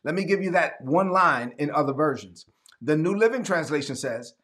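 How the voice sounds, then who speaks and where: A man's voice: on the high side, expressive, normal speed, a bit bright. A man preaching a sermon to a livestream audience, reading scripture and acting out Bible scenes in voices. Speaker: pastor.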